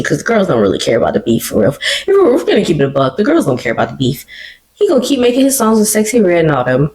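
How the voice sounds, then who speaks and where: A woman hosting her own podcast, talking alone in an animated, emotional and slangy way. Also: low voice, rough recording. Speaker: podcast host. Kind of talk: casual solo commentary. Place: living room.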